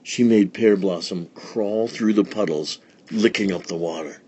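A man reading a children's picture book aloud in a slow, deliberate storytelling manner. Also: lowish voice, warm tone, breathy edge. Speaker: storybook reader.

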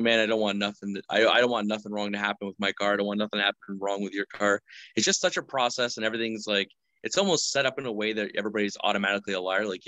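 A man's voice: lowish voice, pushed and bright, no echo, rough recording. A man guesting on a podcast in casual chat, laid-back and rambling, often chuckling.

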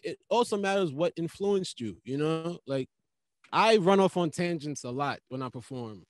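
A man's voice: on the high side, no echo. A male stand-up comedian talking casually on a podcast, loose and profane, acting out bits as he tells stories. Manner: loose, profane, animated storytelling.

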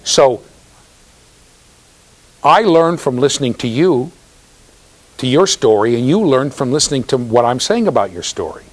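A university lecturer with a medium-pitched voice speaks a little slowly, pausing often. His classroom style is conversational and animated, mixing storytelling, questions to students and impressions of the people he quotes.

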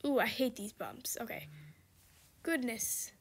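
A woman's voice: a little high, a little slow, breathy edge. A young woman giving casual, exclamatory commentary while playing a game, often frustrated and laughing. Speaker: gamer.

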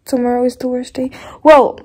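A young adult woman vlogger with a Moroccan accent chats casually, moving freely between English, French and Darija. Her voice is high-pitched and slightly mellow, and she sounds tired and sleepy.

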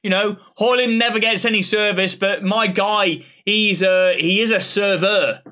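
A man reacting live to a football match, excitable and cheering. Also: high-pitched, unhurried. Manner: excitable, cheering then reflective. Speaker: football fan.

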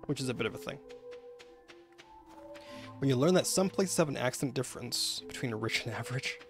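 Gravelly Canadian man chatting on stream. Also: mid-range voice, expressive, fairly quick, over music. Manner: rambling, chatty, many fillers and restarts. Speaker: gaming livestreamer. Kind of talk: live gameplay commentary, chatting with viewers.

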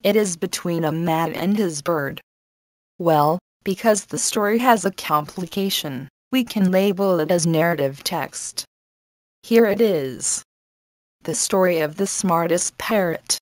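Slow, careful woman teacher reading. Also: lowish voice, darkish tone, no echo. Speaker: English teacher. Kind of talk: scripted lesson narration.

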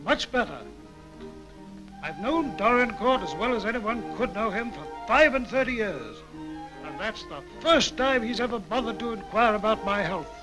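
An actor playing an elderly gentleman guest, amused and wry. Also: high voice, expressive, moderate pace, music in the background, low-quality recording. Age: older.

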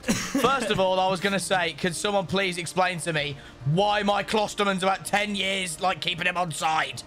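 A man commentating casually on a football video game, bantering with his opponent in an excitable, slangy way. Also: sits high, normal speed, faint music behind. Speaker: gaming YouTuber.

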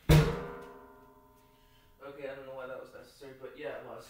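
A man's voice: mid-range voice, fairly quick, pauses often, very echoey, recorded from a distance, over music. A man playing a silly mock teacher, rambling through books aloud with a lot of laughter. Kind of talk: playful mock classroom reading.

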